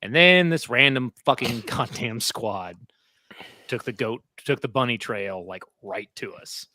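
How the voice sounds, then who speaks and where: Bright-voiced man telling a rowdy story. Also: mid-range voice, a little slow, no room sound. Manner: animated, laughing, profane storytelling. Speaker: podcast co-host. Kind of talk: casual storytelling chat.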